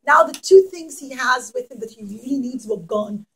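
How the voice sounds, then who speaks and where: A woman's voice: high-pitched, lively intonation, normal speed, a bit bright, breathy edge, rough recording. A woman telling a religious story to children at a puppet show, asking them questions as she goes.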